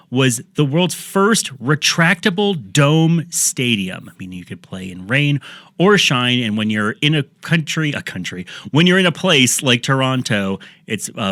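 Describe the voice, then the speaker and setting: A man's voice: medium pitch, a bit bright, dry recording. A man hosting a podcast in casual chat, teasing his guest with dry, wry remarks. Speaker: podcast host.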